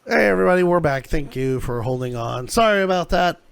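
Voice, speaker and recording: A man narrating a tabletop game as game master from his home office, halting and full of fillers. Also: fairly high pitch, expressive, gravelly, clear, resonant tone.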